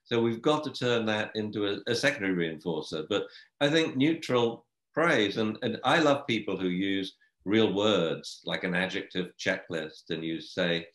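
Low-voiced older man in an echoey room. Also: normal speed, fairly bright tone. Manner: chatty, laughs often. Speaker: dog trainer. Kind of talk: casual discussion.

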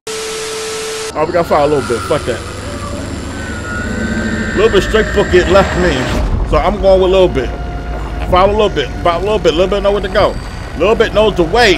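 A young man commentating his own game play, excitable and swearing, shouting in panic at times. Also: sits high. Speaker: gaming streamer. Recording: game music behind. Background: game music.

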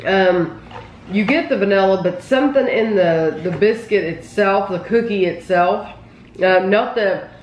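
A woman hosts a relaxed snack-tasting video, talking chattily and turning to speak straight to her viewers. Her voice sits at a middling pitch. The recording is roomy, with a faint background hiss. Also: measured pace. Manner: chatty, addresses viewers directly. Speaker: host. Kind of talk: casual food tasting chat.

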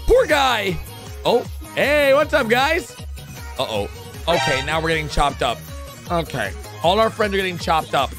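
A man hosting a gaming channel, giving excitable reaction commentary on a video, swinging from low mutters to high yelps. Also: a little slow, soft background music.

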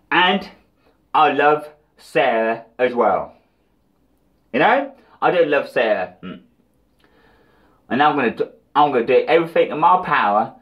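A man's voice: medium pitch, muffled recording. A British man ranting in a rambling, profane, taunting diss vlog. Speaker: vlogger.

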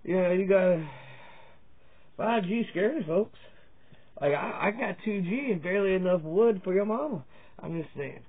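Speaking at a measured pace with long pauses, a Virginia man's high, expressive voice carries a jokey, profane comedy monologue aimed at his camera. As a comedy vlogger, he jumps from subject to subject in crude, rambling stand-up fashion, captured in tinny, phone-like lo-fi sound.

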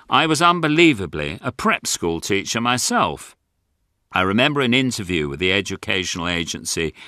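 Older man, low and bright, dry wit, lively delivery; close dry studio read. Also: dry recording. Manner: dry, wry, self-mocking. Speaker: author and narrator. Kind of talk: audiobook memoir narration.

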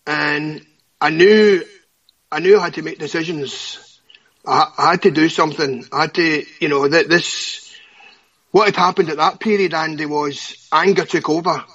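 Husky Scottish man telling a hard story. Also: fairly high pitch, fairly even intonation, a bit bright. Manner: halting, repeats words, stammers when upset. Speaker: guest. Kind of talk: emotional personal testimony. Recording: dull lo-fi audio.

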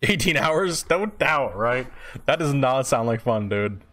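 A man's voice: medium pitch, lively intonation, unhurried, fairly bright tone. Casual chatty male game streamer. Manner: chatty, loose and profane, answering chat. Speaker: gaming streamer. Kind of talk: casual live-stream chat.

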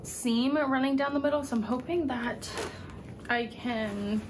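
A young woman vlogging casually from her apartment in a groggy morning voice, chatty and relaxed with lots of fillers. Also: high voice, unhurried, background noise. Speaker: DIY vlogger. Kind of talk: casual home vlog narration. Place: apartment living room.

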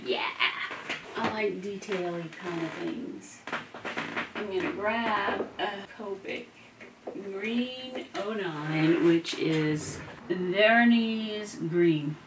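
A woman, chatting through a craft demo at her home desk and often dropping into half-whispered asides as she works. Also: lowish voice. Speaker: crafting vlogger. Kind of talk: casual craft demo talk. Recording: noisy home recording.

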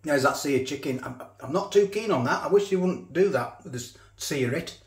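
A man's voice: a little high, animated, moderate pace, echoey room. A man casually reviewing a ready meal, chatting and eating as he talks, with cutlery clinking. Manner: chatty, eats while talking, repeats himself. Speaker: food reviewer.

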